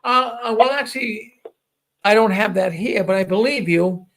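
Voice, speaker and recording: A man runs a playful live-stream quiz in a high, gravelly voice. He jokes around and tends to repeat his words as he goes. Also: normal speed, fairly bright tone. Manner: jokey, repeats himself, playful. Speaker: show host running a quiz. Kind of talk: casual live-stream chat.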